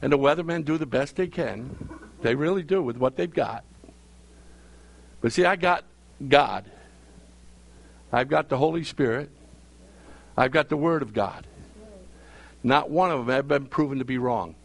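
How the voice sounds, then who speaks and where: A man's voice: medium pitch, a little slow, creaky, pauses often. A male pastor preaching a sermon, repeating phrases for emphasis and calling out questions to his congregation.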